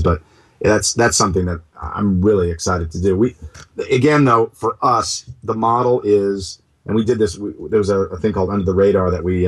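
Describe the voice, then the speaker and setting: A man talking as a startup co-founder in an interview. He is animated and keeps restarting his sentences, and he throws in comic asides. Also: deep voice, slightly rough. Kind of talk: casual interview talk.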